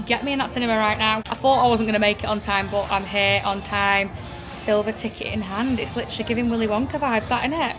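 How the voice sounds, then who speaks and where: A chatty young English woman vlogging into a phone held at arm's length, her voice sitting a little high. She gushes with plenty of "like" and "oh my God" between thoughts, and music plays clearly behind her. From England. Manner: chatty, gushing, lots of "like" and "oh my God". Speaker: travel vlogger. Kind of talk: casual vlog talking to camera.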